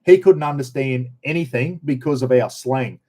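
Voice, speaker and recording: A man's voice: mid-range voice, moderate pace, warm tone. A middle-aged Australian man chatting casually on a live stream, telling rambling stories with many restarts. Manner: rambling, anecdotal, frequent restarts.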